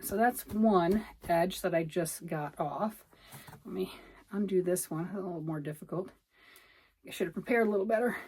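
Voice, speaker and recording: A woman's voice: mid-range voice, normal speed, a little mellow, slight background noise. Chatty middle-aged woman knitting vlogger. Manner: chatty, rambling, self-talk while working. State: a little out of breath. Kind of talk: casual chat.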